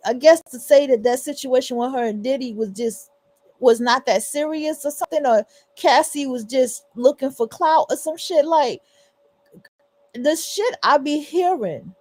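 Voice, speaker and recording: Husky high-voiced woman livestream host. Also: a little mellow. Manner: emphatic, repetitive, swearing. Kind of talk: casual reaction commentary.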